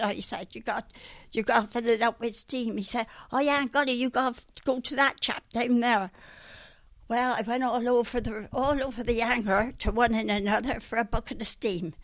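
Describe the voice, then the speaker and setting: A woman's voice: fairly high pitch, normal speed. An older woman telling stories from her working life in a blunt, colloquial way, acting out the voices of the people in them. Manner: lively, acts out the voices in her story; blunt, mild swearing, colloquial grammar. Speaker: storyteller recalling working life. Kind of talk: casual oral-history storytelling.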